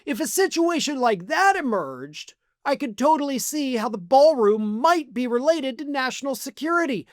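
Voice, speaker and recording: A man's voice: very high-pitched, sing-song, normal speed, few pauses, no room sound, clean studio sound. A man hosting online political commentary in a sarcastic, mocking manner. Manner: sarcastic, mocking, acts out quotes.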